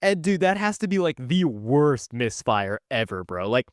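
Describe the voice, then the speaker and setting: A young man spins a story for his viewers in a loose, chatty way, peppering every line with filler and little jokes. His voice sits at an ordinary middle pitch. The sound is dry and close, with no room around it. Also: very animated, unhurried, no room sound. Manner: chatty, filler-heavy, jokey asides. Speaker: YouTuber telling stories. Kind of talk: casual storytime narration.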